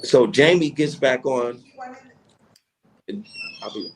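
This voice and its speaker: A man from Tennessee, a radio personality, telling a story in a casual interview, animated, slangy and profane, acting out what people said. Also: medium pitch, slow, slight background noise. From Chattanooga, Tennessee, USA. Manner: animated storyteller who acts out quoted dialogue, with slangy profanity. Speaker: radio personality and podcast guest.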